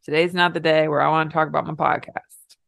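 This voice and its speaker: A middle-aged woman, a podcast co-host, telling a personal story in an emotional, animated way. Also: deep voice, fast talker, creaky, dry recording, studio quality. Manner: emotional, animated retelling with laughs.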